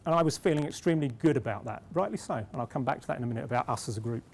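A man's voice: medium pitch, racing, vocal fry, darkish tone, slight background noise. British man telling a conference anecdote. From Britain. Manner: storytelling, self-deprecating, with repeated restarts. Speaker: conference speaker. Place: conference hall.

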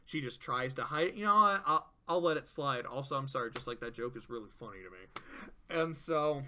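A man giving casual, profane commentary on a cartoon, ranking its episodes and acting out the characters' lines in quick voices. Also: medium pitch, animated, bright, forceful tone, slight background noise. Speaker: show reviewer. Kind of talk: casual tier-list commentary.

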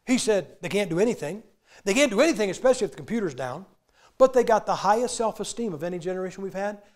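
An older man with a high, light voice preaching in a church. He tells stories in a folksy, joking way and acts out the scenes he describes, then settles into an earnest sermon. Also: animated, fast talker, a little mellow. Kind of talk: humorous sermon storytelling.

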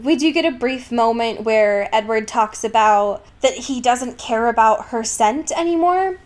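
A woman's voice: a little high, a little slow. A woman co-hosting a casual podcast, recapping a book with lots of laughs and fillers. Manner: giggly, animated, lots of fillers. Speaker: podcast co-host.

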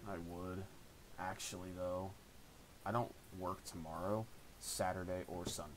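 A man's voice: low voice, fairly even intonation, a little slow, slight background noise, poor audio. A young man in his late teens streaming a game, chatting casually and swearing a lot at his friend. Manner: crude, swearing trash talk. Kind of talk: casual gameplay stream chat.

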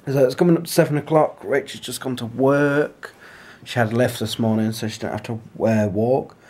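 A man chatting casually to camera as a family vlogger, rambling in a homely way at home, recorded on a handheld compact camera. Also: a little fast. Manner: chatty, rambling, homely; softer and lower on asides.

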